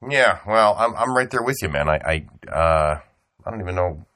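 A man's voice: deep voice, lively intonation, bright, forceful tone, no room sound, clean studio sound. A man co-hosting a podcast in casual chat, chiming in with crude wisecracks. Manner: crude wisecracks, quick to chime in. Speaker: podcast co-host.

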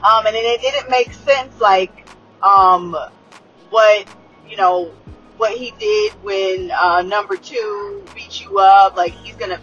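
Woman, excitable rambling recap chat, lots of swearing, faint music behind, dull lo-fi sound. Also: mid-range voice. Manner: excitable, profane, rambling with many fillers. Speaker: show reviewer.

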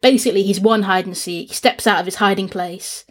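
A woman co-hosting a casual book discussion, retelling the plot in a lively way and acting out the characters' lines. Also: medium pitch, a little fast. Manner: animated retelling, acts out characters' lines in a raised voice. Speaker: podcast co-host.

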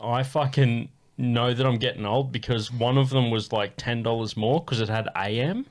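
A man's voice: medium pitch, moderate pace. An Australian man in his thirties, co-hosting a podcast and telling stories in casual chat, swearing and laughing often. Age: 30s. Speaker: podcast co-host.

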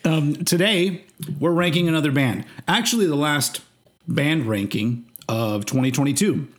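A man's voice: a little high, normal speed. A man hosting a casual music podcast, rambling with lots of fillers and casual swearing. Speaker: podcast host.

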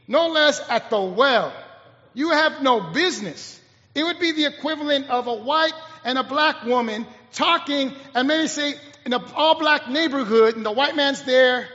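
A man pastor preaching a sermon, telling a story with lively acted-out dialogue and asking the congregation to talk in pairs. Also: extremely high pitch. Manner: animated storytelling, acting out both sides of dialogue. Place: church hall. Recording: dull sound in a long-reverb hall.

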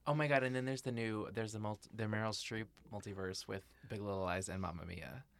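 A man's voice: lowish voice, fairly even intonation, fairly quick, creaky. A young adult man co-hosting a podcast, talking about films with wry, joking asides. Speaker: podcast co-host. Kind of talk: casual film-review chat.

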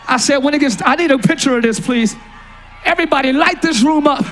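A male pastor preaching a lively, playful sermon in a large church, often shouting to the congregation. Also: very high-pitched, a little fast, soft background music, a faint crowd.

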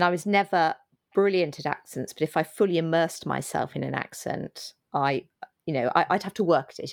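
A woman's voice: deep voice, vocal fry. A woman author speaking as a guest, hesitant and self-deprecating. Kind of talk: casual interview chat.

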